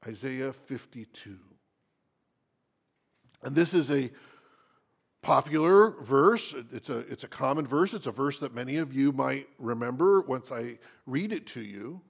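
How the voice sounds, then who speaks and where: A male pastor preaching an expository sermon. He reads scripture aloud and asks the congregation questions, speaking slowly and deliberately. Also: medium pitch, lively intonation, gravelly, husky.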